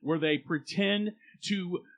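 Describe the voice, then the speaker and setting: A man's voice: sits high, takes it slowly, pitched above the performer's own voice. A man putting on the voice of an upbeat late-night radio DJ, with bouncy announcer patter.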